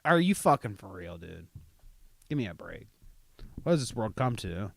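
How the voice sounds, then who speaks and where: A man's voice: lowish voice, big pitch swings, measured pace, gravelly, long pauses, dry recording, studio quality. A young man hosting a casual livestream podcast, ranting sarcastically with lots of swearing. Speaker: podcast host.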